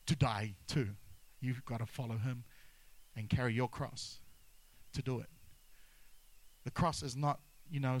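A man's voice: mid-range voice, rough recording. A man preaching a sermon as pastor, emphatic, repeating key phrases and mixing humor with intensity.

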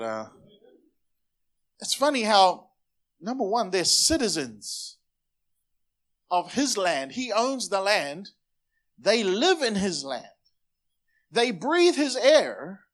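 High-voiced pastor preaching. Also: male voice, moderate pace. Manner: energetic, calls on the congregation to repeat phrases. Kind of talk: sermon.

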